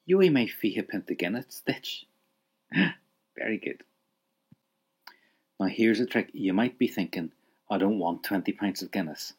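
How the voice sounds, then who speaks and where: A man's voice: on the low side, lively intonation, a little slow, long pauses, breathy edge. A man leading a spoken language lesson, patiently prompting the listener to repeat phrases and praising each answer. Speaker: language teacher.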